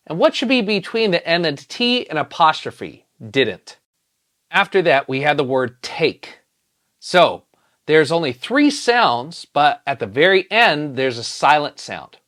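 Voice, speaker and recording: A teacher walks young learners through a spelling lesson. The pace is unhurried, with each sound drawn out patiently. The pitch rises and falls in a lively, sing-song way. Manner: sounds out letters slowly and patiently. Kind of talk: phonics lesson.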